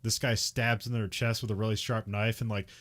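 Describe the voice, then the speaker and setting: A man's voice: fairly low pitch, flat delivery, brisk, fairly bright tone. A man co-hosting a podcast, recapping a film in casual chat, rambling with lots of fillers and little laughs. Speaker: podcast co-host.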